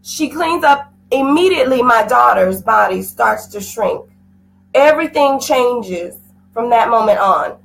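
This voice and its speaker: A woman's voice: a little high, expressive, measured pace, creaky, slight background noise, rough recording. A middle-aged woman giving an intense, emotional personal testimony, her voice rising at times. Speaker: guest sharing a personal story.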